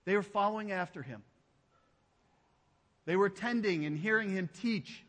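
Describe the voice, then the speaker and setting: A man preaching a sermon as pastor. He speaks emphatically and drops to a hushed low voice on key phrases. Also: normal speed, in a large hall. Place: church sanctuary.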